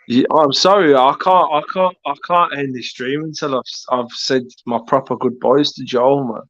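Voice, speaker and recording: A man's voice: mid-range voice, unhurried, a bit bright, dry recording. A man hosting a casual livestream, chatting loosely and laughing between words. He swears freely and repeats himself as he talks. His voice is dry and close, a little dull in tone. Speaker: livestream host. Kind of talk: casual chat.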